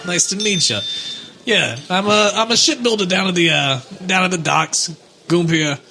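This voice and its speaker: A man's voice: sits high, animated, normal speed, gravelly, pushed and bright, soft background music, pitched above the performer's own voice, full character voice. A man playing a friendly adult shipbuilder who rambles and apologizes, with stammered restarts.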